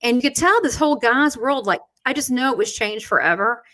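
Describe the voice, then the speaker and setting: A woman with a bright, sharp voice hosts a live online chat, recorded over a video call. She talks about her work as a medium in lively anecdotes, full of quoted dialogue and restarts. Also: a little high, a little fast. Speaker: host and spiritual medium.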